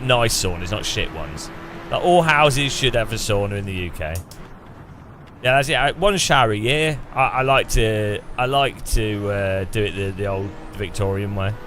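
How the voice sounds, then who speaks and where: A man's voice: medium pitch, background noise. Rambling English man chatting over gameplay. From England. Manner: rambling, chatty, often restarts mid-sentence. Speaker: gaming streamer. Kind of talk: casual chat over racing gameplay.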